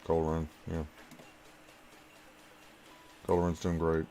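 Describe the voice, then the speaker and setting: A man streaming a game live and commenting as he plays. He jokes, talks to the characters on screen, and swings between loud excited calls and low muttering. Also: slow pace, soft background music. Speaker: gaming streamer.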